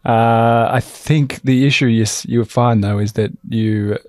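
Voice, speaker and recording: An easygoing man co-hosts a finance podcast, explaining matters plainly with a dry wit. His voice is mid-pitched and recorded close and dry. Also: steady tone, measured pace, darkish tone, no room sound. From Australia. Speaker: podcast co-host, financial planner. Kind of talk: casual chat.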